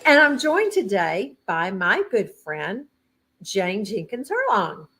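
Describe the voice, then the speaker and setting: A woman's voice: medium pitch, big pitch swings, takes it slowly, a bit bright, soft background music. A woman with a Southern US accent, hosting a casual chat and chiming in with her guest. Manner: chatty, laughs along. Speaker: host.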